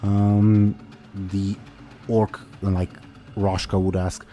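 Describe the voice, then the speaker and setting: A man running a tabletop game as game master, narrating loosely and hesitantly with many pauses. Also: deep voice, mellow, soft background music.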